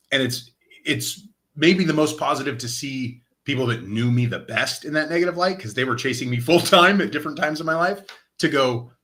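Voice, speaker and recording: A man from Oregon, a guest in an interview, telling his story casually and acting out quoted dialogue. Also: mid-range voice. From Lane County, Oregon. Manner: animated retelling, acts out quoted dialogue. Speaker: interview guest, nonprofit director of operations.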